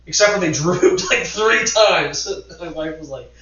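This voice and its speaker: A man in his thirties, slightly high-pitched for a man, sits back from the mic in a very echoey room. He tells a long story in a loose, rambling way, throwing in the odd curse word, and the sound is dull and lo-fi. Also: a little slow, distant mic. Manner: animated, rambling storyteller who swears. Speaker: podcast co-host. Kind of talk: casual chat.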